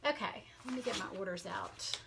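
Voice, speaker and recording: A woman's voice: medium pitch, expressive, brisk, creaky, very noisy. A woman with a Southern American accent chatting casually with viewers as she works on a craft live stream, with plenty of fillers along the way. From Southern United States. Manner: chatty, talks to viewers while working, many fillers. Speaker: craft vlogger.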